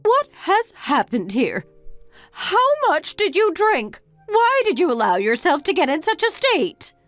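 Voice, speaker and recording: In a texting-story voice-over with faint background music, a woman plays a fed-up middle-aged mother scolding her adult son through question after reproachful question. Her voice is a little high and sing-song, at a moderate pace.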